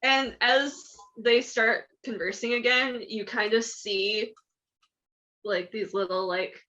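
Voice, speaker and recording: A woman running a tabletop game as game master, narrating in a relaxed, amused way with lots of fillers. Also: a little high, slow, highs cut off.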